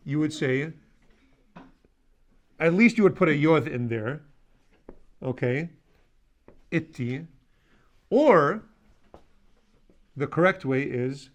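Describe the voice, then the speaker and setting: A male language teacher giving a classroom lesson, blunt and teasing, leading the class in drills. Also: a little high.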